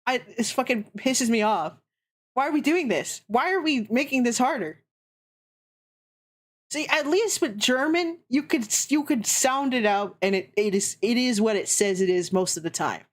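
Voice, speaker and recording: A woman's voice: high voice, expressive, moderate pace. A woman streaming, chatting casually and ranting with heavy swearing. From Canada. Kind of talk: casual chat.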